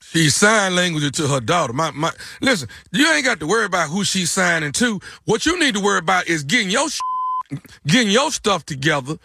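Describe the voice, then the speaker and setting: A man's voice: sits high, very animated, a little fast, gravelly, breathy edge, no room sound, heavily acted. A male radio host making a prank phone call as an angry young man complaining about a church sign-language interpreter. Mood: indignant. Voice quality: loud, confrontational.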